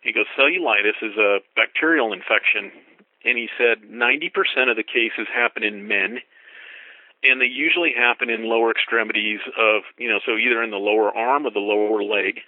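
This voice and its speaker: A man's voice: on the low side, a little fast, dry recording. Middle-aged male hiker, storyteller who voices the other people in his story, recorded down a tinny phone line. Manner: lively, acts out dialogue with rising voice for quotes. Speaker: thru-hiker guest. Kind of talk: storytelling anecdote.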